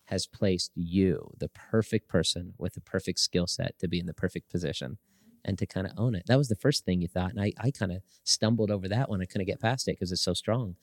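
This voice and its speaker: A man hosting a conversational podcast in an effusive, emphatic way, heaping encouragement on his guests. His voice sits a little low, and the recording is dry and close. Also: a little fast, no echo. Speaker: podcast host. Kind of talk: conversational interview.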